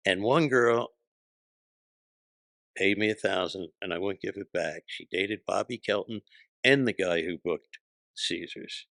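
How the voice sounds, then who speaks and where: Older man, gravelly voice, lowish pitch, dry close mic, punchy profane comic storytelling. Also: a little slow, long pauses, a bit bright, no room sound. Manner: punchy, profane, acts out voices in his stories. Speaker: guest comedian. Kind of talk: anecdotal interview storytelling.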